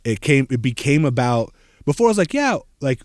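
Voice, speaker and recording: A man's voice: mid-range voice, very animated, a little fast, dry recording, studio quality. A man in his thirties telling a personal travel story in casual podcast chat, rambling with many fillers and acting out other people's lines. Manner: rambling, many fillers, acts out quoted voices. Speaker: podcast co-host.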